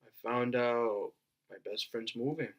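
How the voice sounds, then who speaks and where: A teenage boy talks straight to his viewers in a casual storytime vlog, earnest and rambling, stopping and restarting his sentences. His voice is bright and clear-toned, with an easy everyday pitch. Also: a little slow. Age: teens. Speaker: vlogger.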